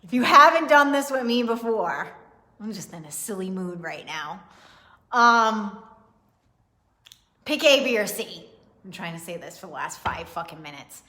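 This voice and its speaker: A young woman chats loosely through a live tarot reading, swearing freely and breaking into laughter. Her voice sits at an ordinary middle pitch for a woman, and the talk wanders and jokes before getting to the cards. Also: animated, measured pace, pauses often, sharp tone. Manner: chatty, swearing, laughing often. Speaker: tarot reader. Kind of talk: casual livestream tarot reading.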